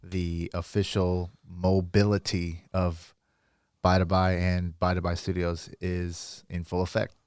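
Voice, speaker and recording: Deep-voiced easygoing podcast man. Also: monotone, measured pace, a little mellow, smooth, no echo, studio quality. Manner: easygoing, slangy. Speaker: podcast co-host. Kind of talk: casual chat.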